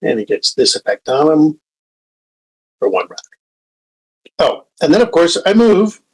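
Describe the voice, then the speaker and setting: A man's voice: fairly high pitch, very animated, a little slow, slightly rough, poor audio. A man playing a tabletop game, describing his character's moves in a playful, joking way. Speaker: player.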